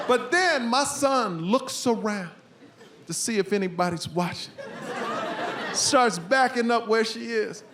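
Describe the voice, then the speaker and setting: Man, stand-up comic, high voice, animated storytelling, live stage recording with audience noise. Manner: animated storytelling, loud outbursts for punchlines. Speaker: stand-up comedian. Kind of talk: stand-up comedy routine.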